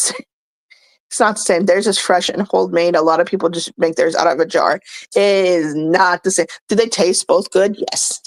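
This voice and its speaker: A woman's voice: fairly low pitch, no room sound, rough recording. A young American woman, a vlogger ranting bluntly and scolding her commenters, swearing freely. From United States.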